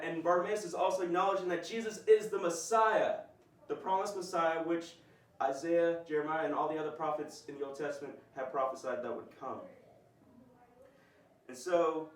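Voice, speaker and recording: A man's voice: on the high side, moderate pace, a little hiss or hum. A man teaching a conversational bible lesson, explaining and asking his group questions. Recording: roomy, distant mic.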